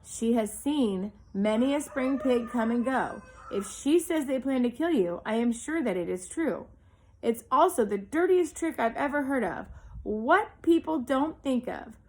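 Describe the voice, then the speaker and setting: A woman reading aloud, voicing a gentle but brisk female spider who speaks firmly. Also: on the high side. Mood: calm firm. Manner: calm, firm reassurance.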